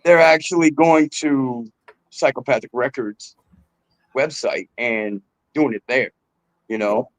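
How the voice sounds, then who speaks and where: A man's voice: mid-range voice, takes it slowly, long pauses, no echo, rough recording. A man talking as a rapper guest in a casual interview, laid-back and swearing freely, calling the host bro.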